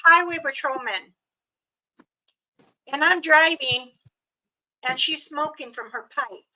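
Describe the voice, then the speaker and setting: Slow, chuckling older woman storyteller. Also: high-pitched, pushed and bright, low-quality recording. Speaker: storyteller, channel host. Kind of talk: casual storytelling.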